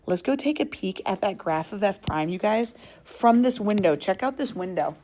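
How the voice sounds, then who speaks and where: In what sounds like a classroom, a woman leads a lesson with an upbeat, playful energy, quizzing her students along the way. Her middle-pitched voice is warm, with lively intonation and a moderate pace, and there is slight background noise.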